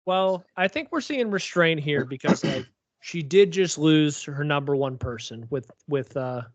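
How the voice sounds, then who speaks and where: Male podcast co-host, higher register, loose rambling delivery, close dry mic, muffled recording. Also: animated, measured pace, no room sound. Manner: rambling, lots of "like" and "um". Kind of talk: casual TV recap chat. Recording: dull lo-fi recording.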